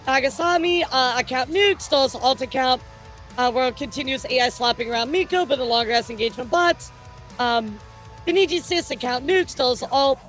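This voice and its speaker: A woman's voice: high-pitched, brisk, fairly bright tone, faint music behind. A woman hosting a casual news stream, talking to her chat in a rambling, jokey way with many fillers and restarts.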